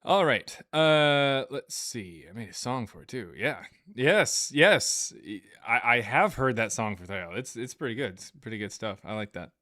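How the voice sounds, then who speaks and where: A man's voice: medium pitch, animated, normal speed, sharp tone, no echo, clean studio sound. A man hosting a live stream, reading super chats in a casual, jokey, rambling way with many fillers.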